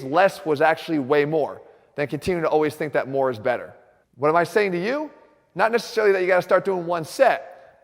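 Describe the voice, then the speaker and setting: A man's voice: on the high side, vocal fry, in a large hall. A man hosting an instructional fitness video, speaking earnestly and directly to his viewers.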